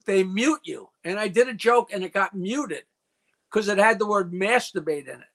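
A man's voice: high-pitched, moderate pace, pushed and bright. An older man in his seventies from New York, a comedian guest in a casual call-in chat, rattling off dirty jokes and stories.

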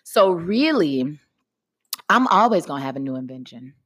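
A woman co-host with a lower voice, chatting casually on a podcast. She tells her stories with lots of energy and keeps talking straight to the listeners. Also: moderate pace, husky. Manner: animated storyteller, talks to the audience as "y'all". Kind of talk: casual chat.

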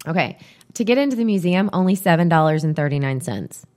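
A woman's voice: on the low side, expressive, fast talker, a little mellow. A woman co-hosting a podcast, chatting casually and rambling as she reads items off a list. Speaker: podcast co-host. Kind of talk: casual chat.

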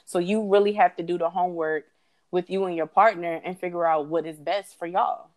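A young adult woman co-hosting a podcast, giving relationship advice in a casual, reflective way with drawn-out phrasing. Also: fairly low pitch, fairly even intonation, a little mellow. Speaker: podcast co-host. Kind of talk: casual chat.

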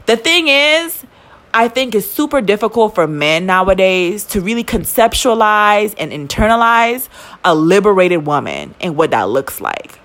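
A young woman, telling a story in casual chat as a podcast co-host, profane and quick to indignation. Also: medium pitch, sing-song, fairly bright tone.

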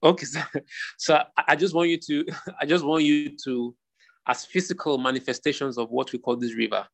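A man's voice: fairly high pitch, fairly even intonation, fairly quick, gravelly. A man preaching a sermon to an online group, asking rhetorical questions and repeating phrases for emphasis. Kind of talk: sermon teaching.

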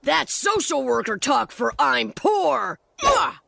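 Woman voicing a cartoon bully boy, gravelly, husky, tough and taunting, dry recording. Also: high voice, big pitch swings, slow pace, bright, forceful tone, no room sound, heavily acted. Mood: defensive. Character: gruff schoolyard bully boy. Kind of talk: cartoon voice acting.

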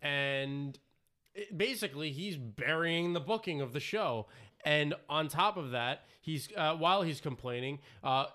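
Bright-voiced animated man recapping. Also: fairly high pitch, a little slow. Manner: profane, animated recapping with mock quotes. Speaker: podcast co-host. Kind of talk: casual review chat.

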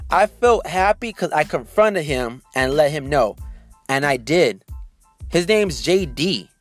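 A man's voice: a little high, animated, unhurried, dry recording, soft background music. A man hosting a podcast, telling a story in a casual, indignant rant and addressing his listeners directly. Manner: indignant, talks straight to listeners. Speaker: podcast host.

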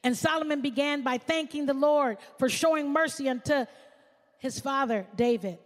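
A woman pastor preaching a sermon, swinging from shouts to hushed asides. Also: high-pitched, normal speed, in a large hall.

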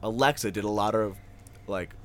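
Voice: sits low, moderate pace, a loud crowd. A podcast co-host in casual chat, teasing in a wry, mock-serious manner.

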